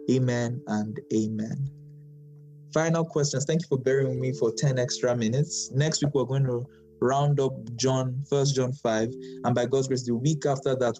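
A man leads a Bible study, stressing his points and saying key lines twice. His voice is mellow and relaxed, of middle pitch. Soft instrumental music plays faintly underneath. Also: low-quality recording. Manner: emphatic, repeats phrases, light laughs.

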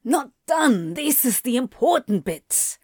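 A woman's voice: mid-range voice, expressive, slow, no room sound, clean studio sound. A woman reading a story aloud and voicing a bossy, scheming male demon who hisses his orders in an urgent whisper. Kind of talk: audiobook fan fiction reading.

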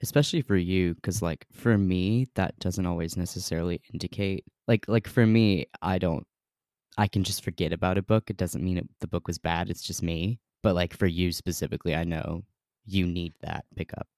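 A woman's voice: a bass voice, normal speed, darkish tone, no room sound, clean studio sound. A woman co-hosting a book podcast, chatting casually and candidly, often restarting her sentences. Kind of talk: casual book review chat.

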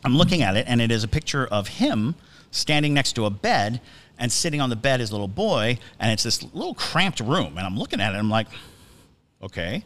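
Animated man telling a story. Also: mid-range voice, fairly quick. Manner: animated storyteller, frequent restarts and chuckles. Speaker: podcast co-host. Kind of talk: casual storytelling chat.

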